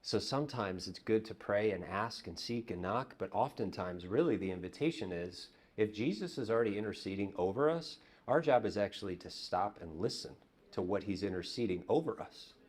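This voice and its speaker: A man preaching a conversational sermon as pastor, telling stories and dropping to a hush on repeated words. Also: on the low side, animated, a little fast, husky. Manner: conversational, storytelling, drops to hushed repetitions. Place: church.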